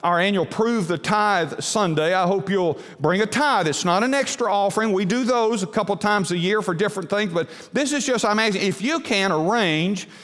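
A man's voice: sits high, moderate pace, few pauses, fairly bright tone. A male pastor delivering a folksy sermon in a church, with frequent fillers and restarts. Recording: long hall reverb.

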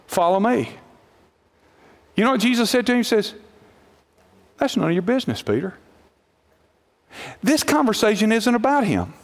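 A man with a high voice preaches a sermon and tells the story with lively energy, acting out each character's lines. His voice rings with the long reverb of a large hall. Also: moderate pace, long pauses.

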